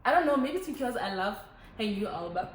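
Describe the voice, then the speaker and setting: Young woman, casual chat to camera, animated, echoey room. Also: mid-range voice, fast talker. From Botswana. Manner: chatty, animated, switches languages. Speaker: vlogger. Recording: echoey room, faint ambient noise.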